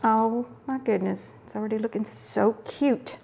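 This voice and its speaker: Hosting a relaxed craft video, a middle-aged woman makes chatty, warm asides as she works, now and then trailing off into murmuring to herself. She speaks at a moderate pace in a voice on the high side, gravelly with a breathy edge.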